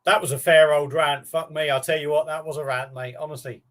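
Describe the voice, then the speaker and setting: A man's voice: fairly high pitch, fairly even intonation, brisk, a bit bright. A man hosting a casual live beer stream, chatting in a rambling, matey way with casual swearing.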